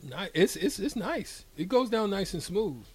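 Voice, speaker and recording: A man's voice: sits high, big pitch swings, moderate pace, slightly rough. A man co-hosting a radio show, bantering playfully and laughing in casual chat. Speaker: radio co-host.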